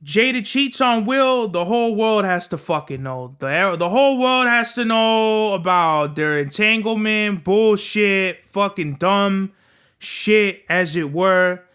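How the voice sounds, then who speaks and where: A man's voice: high voice, takes it slowly, a bit bright, clean tone. A young man hosting a podcast, ranting in a casual, profane, emphatic way and tacking "bruh" onto nearly every sentence. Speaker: podcast host. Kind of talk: casual opinion rant.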